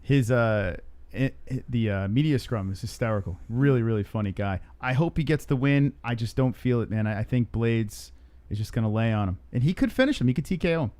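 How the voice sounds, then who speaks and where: A man's voice: medium pitch, animated, fairly quick, a little mellow. A man co-hosting a live stream, chatting casually in a joking, rambling way. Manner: joking, rambling, with many fillers. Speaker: stream co-host.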